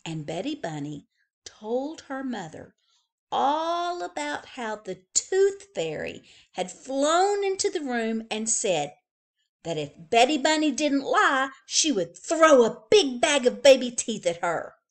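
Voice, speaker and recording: A woman librarian reading a picture book aloud to young children, slow and expressive. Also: sits high.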